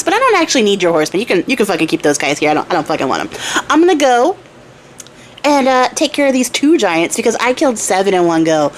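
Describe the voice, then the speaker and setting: Cocky bragging tailor guy, a woman doing him in a storybook retelling, bit high and lively. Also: a little hiss or hum. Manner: swaggering, casual, swearing. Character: boastful cocky male tailor, young man.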